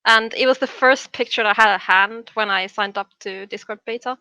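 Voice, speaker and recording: A woman's voice: fairly high pitch, a little fast, pushed and bright, clear, resonant tone, dry recording. A woman guest in an online interview, teasing and mock-indignant. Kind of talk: casual video-call interview.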